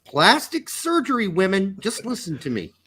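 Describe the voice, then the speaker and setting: A man's voice: high voice, huge pitch swings, normal speed, bright, forceful tone, slightly rough. A middle-aged man co-hosting a casual podcast, riffing in joking, profane banter. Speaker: podcast co-host. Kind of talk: casual chat.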